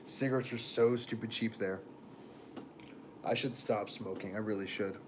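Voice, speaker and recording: A man's voice: on the low side, steady tone, moderate pace, background noise. A man rambling through casual livestream chat on a phone camera, laughing often and trailing off mid-thought.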